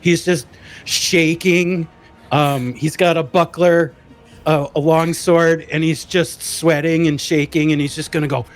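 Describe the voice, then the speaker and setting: A man's voice: fairly high pitch, fairly even intonation, unhurried, soft background music. A man playing a tabletop role-playing game, cheerfully describing his character's actions. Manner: upbeat, laughing, describing actions. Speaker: player.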